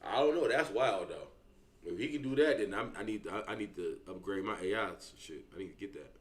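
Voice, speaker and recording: A man's voice: on the low side, lively intonation, fairly quick. A young man giving loose, profane reaction commentary and talking straight to his viewers. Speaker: reaction streamer.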